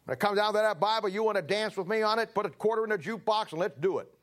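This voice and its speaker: A man's voice: high-pitched, racing. A man preaching a sermon in an emphatic, folksy way, with rising bursts. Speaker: pastor.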